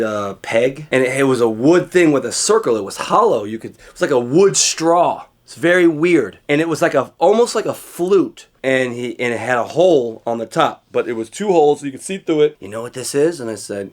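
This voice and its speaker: A man telling a childhood story in a casual, profane way, acting out scenes with sudden shouts and hushed asides. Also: mid-range voice.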